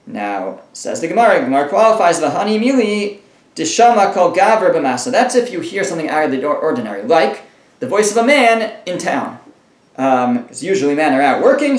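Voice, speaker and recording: A man teaching a daily page of Talmud. His voice sits a little higher than most men's and carries a roomy echo. He reads out short phrases, translates them, and explains them in plain words, often stopping to restart a sentence.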